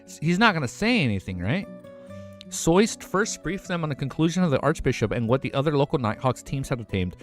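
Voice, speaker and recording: Man, streamer, reading a novel aloud live, trips over words, swears excitedly between passages. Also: fairly high pitch, a little fast, soft background music. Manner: breaks off into excited, profane reactions; stumbles over words and rereads lines.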